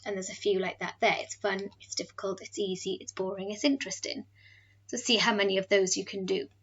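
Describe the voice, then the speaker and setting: A woman's voice: mid-range voice, fairly bright tone, lo-fi sound. A woman with a Welsh accent, a French teacher explaining a recorded home lesson to pupils step by step, patiently.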